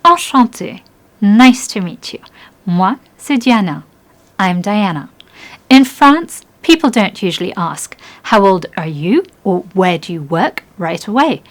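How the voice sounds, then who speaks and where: A young adult woman narrates a scripted beginner language lesson. She sounds upbeat and encouraging, and she slows her delivery so learners can repeat after her. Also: medium pitch, very animated. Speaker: French language teacher.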